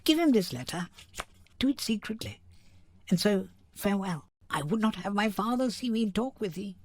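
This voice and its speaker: A woman's voice: medium pitch, expressive, moderate pace, a little mellow, close to an everyday voice. A woman reading a wistful young daughter. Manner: wistful, earnest verse. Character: unhappy young daughter longing to elope. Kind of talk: dramatic reading.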